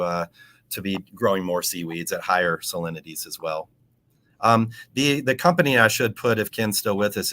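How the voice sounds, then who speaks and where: A man talking as a guest in an interview, explaining things in a teacherly way and spelling out terms slowly. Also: fairly low pitch, a bit bright. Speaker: aquaponics educator and podcast guest.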